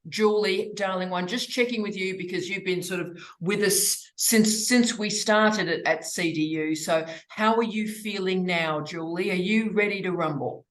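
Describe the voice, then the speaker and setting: An Australian woman hosting a university information session, talking in an effusive, affectionate, energetic way. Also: medium pitch, normal speed, hardly any pauses, roomy sound. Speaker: university graduate studies host.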